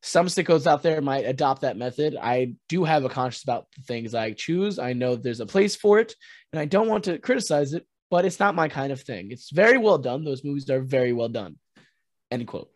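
A man co-hosting a podcast in casual chat, excitable and swearing often, acting out quotes in big voices. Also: mid-range voice, fairly quick, no echo. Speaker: podcast co-host.

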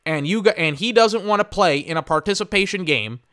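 A man's voice: high voice, lively intonation, fairly quick, a bit bright. A young man from Texas, ranting casually about football as a podcast host. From Austin, Texas. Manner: opinionated, ranting, profane. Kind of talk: casual sports commentary.

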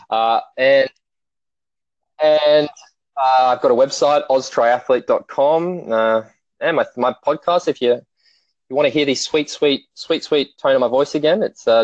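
A man's voice: mid-range voice, moderate pace, no echo. Laid-back joking Australian man. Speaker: podcast guest. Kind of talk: casual chat. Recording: dull lo-fi audio.

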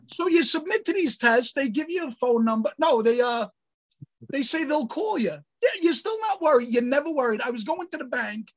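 High-voiced man telling a story loudly. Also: a little fast, rough recording. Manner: animated storyteller, shouts in mock outrage, swears a lot. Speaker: podcast co-host. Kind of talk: casual chat.

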